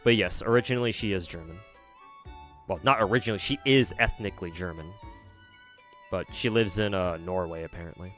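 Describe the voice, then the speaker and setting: A man's voice: deep voice, a little fast, pauses often, fairly bright tone, faint music behind. A man with an American accent, chatting casually on a livestream and answering viewers in a rambling, hesitant way with frequent restarts and casual swearing. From United States. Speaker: streamer.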